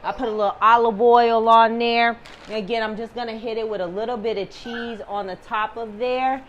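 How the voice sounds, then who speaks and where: A woman's voice: a little high, steady tone, normal speed, far from the mic, dull audio. Chatty woman cooking in an echoey kitchen. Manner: chatty, reassuring, calls viewers baby and girl. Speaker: cooking vlog host. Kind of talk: casual cooking demonstration. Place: home kitchen.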